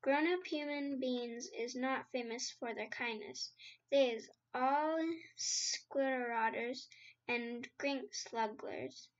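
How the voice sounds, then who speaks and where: A woman reading the part of a big, gentle male giant who talks in slow, muddled grammar and made-up words. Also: sits high. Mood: stubborn. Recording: slightly dull lo-fi sound.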